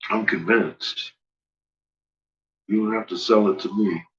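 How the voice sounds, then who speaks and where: Low-voiced man ranting on a dull, lo-fi stream. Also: sharp tone. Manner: profane, laughs often, ranting. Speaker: livestream host. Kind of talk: casual rambling livestream talk.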